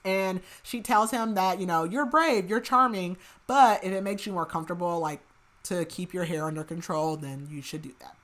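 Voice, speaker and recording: A woman hosting a podcast, recapping a book in casual chat, rambling with lots of filler "like" and dropping into soft murmured asides. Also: on the low side, normal speed. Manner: rambling, heavy use of filler "like", chatty asides; laughs at her own remarks, drops to soft murmured asides. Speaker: podcast host.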